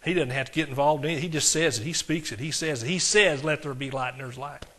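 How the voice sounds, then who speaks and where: A man preaching a sermon to a congregation, swinging between loud declarations and quiet asides and asking the crowd questions. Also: a little high, quick pace. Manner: talks directly to the congregation, asks questions. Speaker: pastor.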